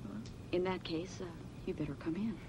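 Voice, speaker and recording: An actress playing a young woman, a horse-riding daughter, soft-spoken and resigned. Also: on the low side, lively intonation, brisk, lightly acted. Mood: wistful. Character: young woman rider, wistful, weary daughter. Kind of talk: TV film drama acting. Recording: film audio with background noise.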